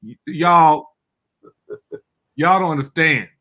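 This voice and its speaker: A man hosting an interview, excitable and turning often to talk to the viewers. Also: a little high, takes it slowly. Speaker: interview host. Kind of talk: casual interview.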